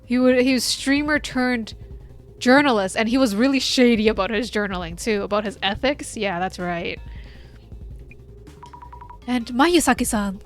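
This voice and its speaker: A woman's voice: on the high side, moderate pace, long pauses, faint music behind. A woman streaming a game, chatting casually and reading its dialogue aloud, often trailing off and restarting her sentences.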